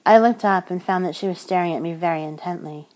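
A woman narrating a first-person romance audiobook in a soft, intimate storytelling manner. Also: fairly low pitch, fast, low-quality recording.

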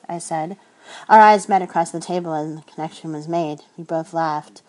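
A woman narrating a first-person romance audiobook in a soft, intimate storytelling manner. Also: low voice, normal speed, poor audio.

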